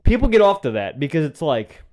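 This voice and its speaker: A man's voice: on the high side, sing-song, brisk, darkish tone. A young man co-hosting a podcast, chatting loosely and crudely and laughing often. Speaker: podcast co-host. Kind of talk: casual crude chat.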